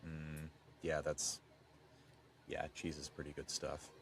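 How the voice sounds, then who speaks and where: A man co-hosting a podcast, chatting casually with animated, expressive swings in his delivery. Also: rumbling low, slow pace, a little hiss or hum. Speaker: podcast co-host. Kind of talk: casual chat.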